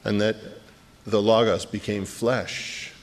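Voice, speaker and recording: A man preaching a sermon as pastor, earnest, slowing down on key phrases and quickening in asides. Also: fairly low pitch, flat delivery. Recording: long reverb of a large hall.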